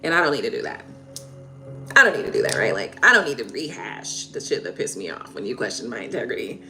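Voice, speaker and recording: A woman's voice: rumbling low, big pitch swings, quick pace, vocal fry, over music. A woman hosting a live tarot stream, venting heatedly in casual talk, swearing and repeating herself.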